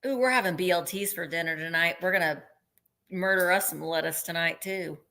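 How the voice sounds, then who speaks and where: A woman's voice: lowish voice, a little fast, sharp tone. A woman hosting a live online vintage sale, chatting and gushing over each piece while counting down bids. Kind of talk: live online sales chat.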